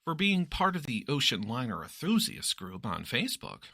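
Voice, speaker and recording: A man reading a story aloud as narrator in an expressive, lively way. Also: medium pitch, normal speed, husky, no echo, clean studio sound.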